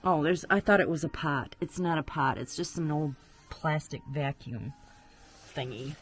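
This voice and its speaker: A woman's voice: sits low, moderate pace, faint music behind. Chatty woman exploring an old attic. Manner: chatty, exclaims at creaking floors. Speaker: urban explorer vlogger. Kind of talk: narrating while exploring. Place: abandoned farmhouse attic.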